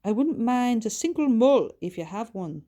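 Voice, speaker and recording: A woman voicing a cheery female visitor in a magical storybook, in a bright, raised storytelling voice. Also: a little high, lively intonation, moderate pace, pitched above the performer's own voice, lightly acted. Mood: teasing.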